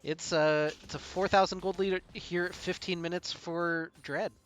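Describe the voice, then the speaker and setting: A man casting a live esports match play-by-play, brisk and chuckling often between calls. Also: sits high, fairly even intonation, slight background noise. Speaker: play-by-play caster.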